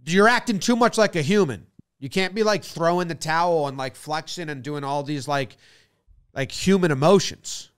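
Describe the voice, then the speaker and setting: A man co-hosting a casual baseball podcast, breaking down calls in animated detail. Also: on the high side, normal speed, clear, resonant tone, dry recording, clean studio sound. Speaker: podcast co-host. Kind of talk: casual sports chat.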